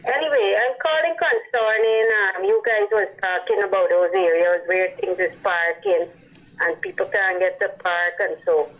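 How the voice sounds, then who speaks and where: A woman's voice: medium pitch, normal speed. A woman caller with a Guyanese accent, earnestly rambling about a worrying problem on a call-in show. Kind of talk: call-in radio complaint. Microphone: phone line. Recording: muffled phone line.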